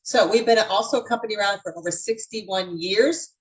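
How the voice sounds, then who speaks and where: A woman's voice: mid-range voice, brisk, poor audio. A woman in her mid sixties hosting an online beauty event, chatty and upbeat, talking straight to her audience. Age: 60s. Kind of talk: casual online presentation.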